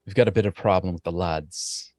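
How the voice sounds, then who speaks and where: A man's voice: low-pitched, darkish tone, dry recording, lightly acted. A man voicing a polite, hesitant male soldier who reports a problem to his superiors. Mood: reporting trouble. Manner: deferential, halting with many fillers.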